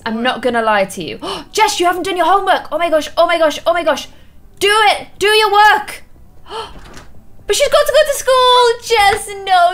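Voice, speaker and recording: A woman giving excitable gameplay commentary, gasping often and exclaiming playfully to her viewers. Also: sits high. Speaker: video game streamer.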